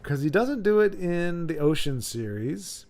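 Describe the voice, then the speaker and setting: A man hosts a relaxed livestream and rambles in casual chat, often breaking off mid-word to restart or to react to what viewers type. His voice sits a little high for a man. Faint music plays underneath. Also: a little slow. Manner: rambling, self-interrupting, reads chat aloud. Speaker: streamer host.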